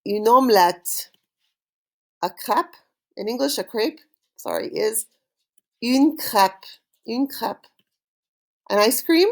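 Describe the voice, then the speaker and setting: This woman's voice carries some vocal fry as she drills French vocabulary for students watching a recorded online lesson. Her pitch is lively and moves up and down; she speaks each word slowly, waits for the class to echo it, then offers cheerful praise.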